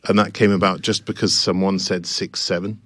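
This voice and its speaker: A man's voice: low voice, level tone, a little fast, fairly bright tone, no echo, clean studio sound. A man co-hosting a casual chat show, telling a chatty anecdote. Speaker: co-host.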